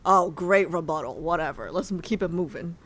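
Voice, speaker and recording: A young woman streaming a game, chatting casually and excitably, swearing and filling with "like". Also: lowish voice, brisk, a little hiss or hum. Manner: excitable, swears a lot, fills with "like". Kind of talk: casual gameplay commentary.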